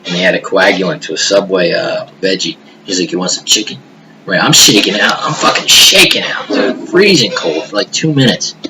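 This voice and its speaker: A man with a very low voice rambles through a personal monologue, swearing freely and sinking into hushed murmurs now and then. He talks into a home webcam, and a steady hiss sits under every word. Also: a little fast. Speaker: vlogger. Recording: noisy hiss behind the voice.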